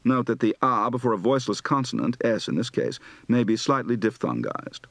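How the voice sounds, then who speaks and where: A man reading word lists and sentences slowly and deliberately, practicing a range of regional Southern US accents. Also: medium pitch, very animated, gravelly, no room sound.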